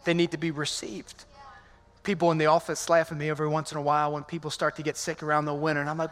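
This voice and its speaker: A male pastor giving a lively, conversational sermon, calling out to the congregation in a large church sanctuary. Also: on the high side, fast. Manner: energetic, conversational, calls out to the congregation. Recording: long hall reverb in a church.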